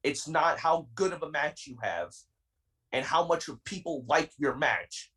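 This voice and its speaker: A man's voice: on the high side, animated, measured pace, sharp tone, recorded from a distance, low-quality recording. Heated young man, a bit off-mic. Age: 20s. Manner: intense, defiant, repeats himself. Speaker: wrestler guest. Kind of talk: heated podcast interview.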